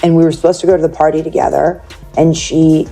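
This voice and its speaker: A woman's voice: low voice, level tone, quick pace, warm tone, faint music behind. A woman guest in an interview, telling a personal story in a chatty way, full of "like" and acted-out quotes. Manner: chatty, peppered with "like", acts out quoted speech.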